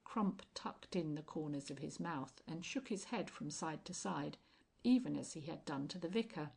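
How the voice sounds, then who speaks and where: A woman reading a classic novel aloud as an audiobook narrator, calm and measured. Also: deep voice, vocal fry, husky.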